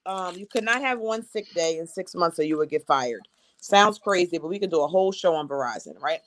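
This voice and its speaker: A woman hosting a casual talk show, telling a personal story in a frank, animated way with laughs. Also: fairly low pitch, a little fast, no room sound. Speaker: host.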